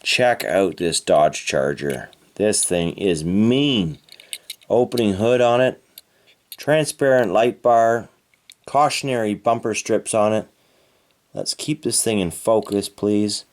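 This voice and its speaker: A man's voice: fairly low pitch, slow pace. A man from Canada narrating an unboxing of die-cast toy cars with enthusiastic, playful exclamations. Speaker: toy car reviewer.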